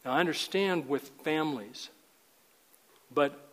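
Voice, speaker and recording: An older man teaches a men's Bible group in an earnest, emphatic sermon style, sometimes repeating his words. His voice sits a little high for a man. A long reverb trails after each phrase, as in a large hall. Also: a little slow, fairly bright tone.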